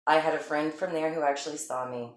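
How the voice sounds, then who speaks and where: A woman's voice: sits low, fairly even intonation, quick pace, over a noisy crowd. A woman co-hosting a podcast in playful, teasing casual chat. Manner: playful, teasing, laughs easily. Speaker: podcast co-host. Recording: echoey room.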